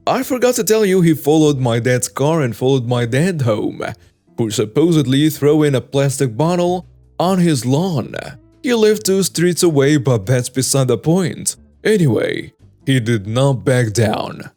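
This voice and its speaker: A man reading out a written story in an even, flat narration voice, with little change for the quoted people. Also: on the high side, measured pace, soft background music. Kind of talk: scripted narration.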